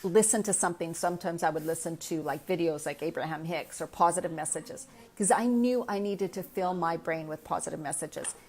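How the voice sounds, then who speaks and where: A woman's voice: fairly low pitch, a little fast, a little mellow. A woman in her fifties, a midlife health coach, talking candidly in a casual live chat and answering viewer comments from her own experience. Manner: candid, chatty, speaks from personal experience.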